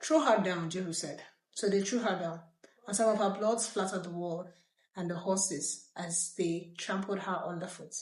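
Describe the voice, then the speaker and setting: Woman, scripture reading, lively delivery, chatty asides, lowish voice, echoey room. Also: moderate pace. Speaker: Bible reader. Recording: roomy echo.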